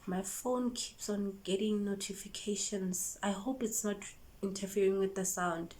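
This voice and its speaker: A South African make-up artist and YouTuber tells a lively storytime vlog, acting out the conversations she describes. Her voice is mid-range and her pace measured.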